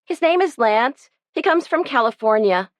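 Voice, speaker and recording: A woman's voice: on the high side, animated, moderate pace, no echo, pitched above the performer's own voice, lightly acted. A woman voicing a moody, blunt teenage girl who speaks emphatically. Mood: sulky.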